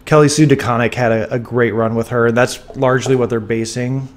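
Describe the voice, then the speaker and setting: A podcast co-host chats casually from a room at home into a sensitive studio mic, fighting a dry cough. His medium-pitched voice is steady and brisk, and he talks enthusiastically, rambling with restarts and fillers.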